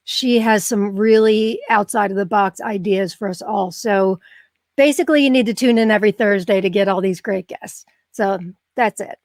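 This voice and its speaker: In a dry, studio-quality recording, a middle-aged woman with a medium-pitched voice runs a live online broadcast. She talks to viewers in a chatty, warm, emotional way, effusive and heavy on the ums.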